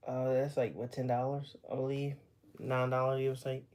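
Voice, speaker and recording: A man's voice: mid-range voice, little pitch movement, normal speed, darkish tone. A winded man, chatting on a livestream. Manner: tired, rambling, chatty with viewers. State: out of breath after running. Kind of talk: casual livestream chat.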